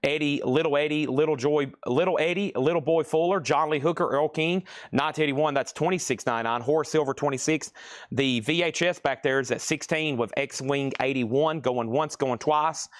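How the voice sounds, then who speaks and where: A man's voice: a little high, moderate pace, dry recording, clean studio sound. A man hosting a live-stream record sale, rattling off album titles and prices and calling bids going once, going twice. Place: record shop.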